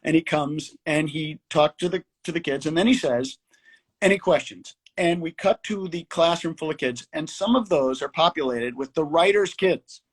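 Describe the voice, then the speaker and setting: A man's voice: fairly high pitch, moderate pace, husky. A middle-aged man, a comedy writer, telling a story in casual chat on a video call, acting out quotes and laughing along.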